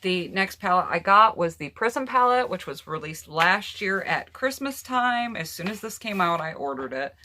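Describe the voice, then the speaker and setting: A woman's voice: fairly low pitch, lively intonation, moderate pace, hardly any pauses, bright, forceful tone. A woman beauty vlogger chatting casually through her eyeshadow palettes and talking straight to her viewers. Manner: chatty, personal opinions, addresses viewers directly. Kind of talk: casual makeup palette review.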